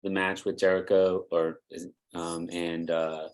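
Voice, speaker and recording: A man's voice: low-pitched, flat delivery, normal speed. A man with a New England accent co-hosting a podcast, talking in hesitant casual chat that trails off and restarts. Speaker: podcast co-host.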